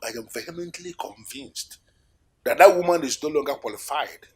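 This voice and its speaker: An actor playing a furious scheming politician in a film, speaking with a Nigerian accent, loud and agitated. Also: male voice, a little high, expressive, moderate pace, vocal fry. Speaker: kingdom politician. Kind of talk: film acting.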